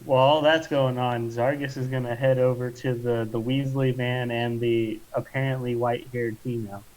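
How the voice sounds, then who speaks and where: A man player in a tabletop role-play, laid-back and halting. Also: mid-range voice, level tone, a little mellow, poor audio.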